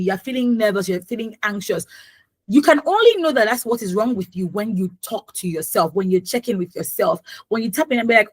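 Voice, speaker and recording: A woman's voice: mid-range voice, animated, a little fast, no echo. Chatty Nigerian woman radio host. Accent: Nigerian, Yoruba-influenced. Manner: chatty, mixes in Pidgin and Yoruba phrases. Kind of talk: casual radio health talk. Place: radio studio.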